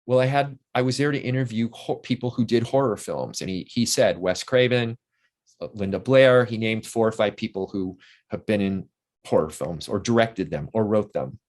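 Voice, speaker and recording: A man's voice: lowish voice, normal speed, darkish tone. An older man, a guest in a casual interview, telling long, enthusiastic anecdotes full of restarts.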